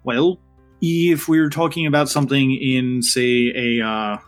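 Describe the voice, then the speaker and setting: A man's voice: mid-range voice, steady tone, faint music behind, close to an everyday voice. A man doing a thoughtful Midwestern mom. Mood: pondering. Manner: halting, repeats herself while thinking. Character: plain Midwestern mom, middle-aged, thoughtful.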